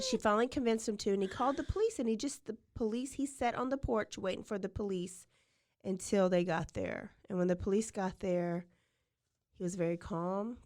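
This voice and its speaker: Woman host, mid-pitched, telling crime stories in a loose, chatty way; dry, close recording. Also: darkish tone, no echo. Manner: chatty, fills with "like" often. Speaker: podcast host. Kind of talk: casual true-crime storytelling.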